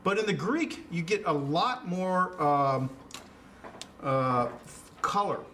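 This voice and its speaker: Slow but forceful, the man's voice sits high and sounds bright, with lively intonation. He's teaching Greek in an easygoing lecture, heavy on fillers and frequent questions to his students, recorded from afar with faint noise.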